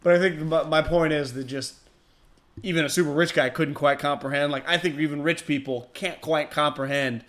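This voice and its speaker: Animated man in casual sports talk. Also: on the high side, normal speed. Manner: animated, swings into loud excited bits. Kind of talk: casual sports radio chat.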